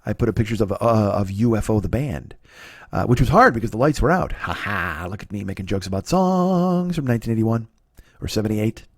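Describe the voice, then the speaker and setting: This middle-aged podcast comic has a fairly low pitch and speaks a little fast, animated and sarcastic as he rants. His profane, stammering delivery is caught dry and close, with no room sound at all.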